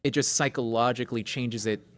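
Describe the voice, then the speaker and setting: A man co-hosting a casual games podcast, speaking at an ordinary middle pitch. He explains with eager energy, often leaning on "like" as he goes. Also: steady tone, fairly quick. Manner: enthusiastic, explains with lots of "like". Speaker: podcast co-host. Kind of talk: casual chat.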